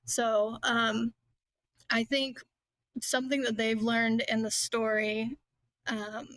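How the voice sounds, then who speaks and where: A woman with a bright, fairly high voice talks through her thoughts as a podcast guest. Her delivery is earnest and reflective, often slowed by "um" and "like." The sound is close and dry. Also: flat delivery, dry recording. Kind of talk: casual conversation.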